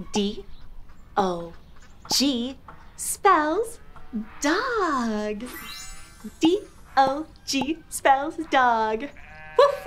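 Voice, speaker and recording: Young woman teaching little kids, really high voice, super slow and bouncy, faint music under. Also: a bit bright. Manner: sing-song, exaggerated animal noises, spells words slowly. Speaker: children's show host. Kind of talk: toddler learning lesson.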